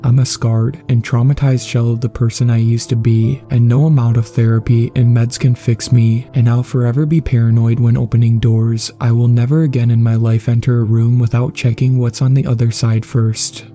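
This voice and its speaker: A man reads a horror story aloud in a steady, measured voice. His tone is deeply dark and mellow, and his pitch sits in the middle. Faint music plays underneath. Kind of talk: scripted horror narration.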